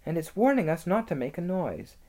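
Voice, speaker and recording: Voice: mid-range voice, very animated, fairly quick, darkish tone, pitched above the performer's own voice, lightly acted. A reader voicing Susan, a sensible, cautious older girl who speaks in an urgent, raised voice.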